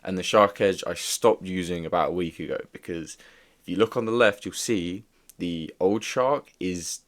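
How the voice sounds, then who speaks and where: A man's voice: sits low, normal speed. A young man giving a casual, rambling video review, peppered with filler words. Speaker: toy reviewer.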